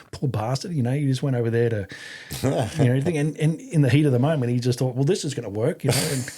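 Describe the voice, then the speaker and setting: A man's voice: mid-range voice, quick pace, dark tone. A middle-aged Australian man, an army veteran, telling stories in a rambling casual way with many fillers and restarts. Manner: rambling, frequent fillers and restarts, acts out quoted voices. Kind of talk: casual storytelling.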